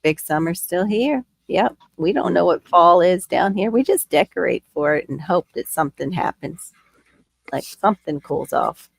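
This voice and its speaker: A woman hosting a casual chat, talkative and quick to gasp. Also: fairly low pitch, expressive, vocal fry, husky, dry recording. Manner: chatty, gardening talk, quick gasps. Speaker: host.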